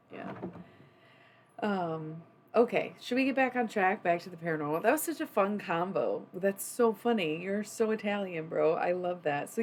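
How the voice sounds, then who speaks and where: A woman's voice: on the low side, gravelly, darkish tone, a little hiss or hum. A young adult woman chatting casually on a livestream, rambling and swearing freely. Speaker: streamer.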